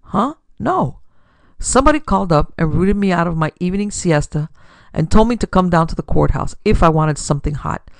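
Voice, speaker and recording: A harried, brash man from an old pulp crime tale, put on by a woman narrator. He talks quickly and eagerly with a gravelly grain. The sound is close and dry. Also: lowish voice, animated, no echo. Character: harried tall male newsman, pipe-chewing.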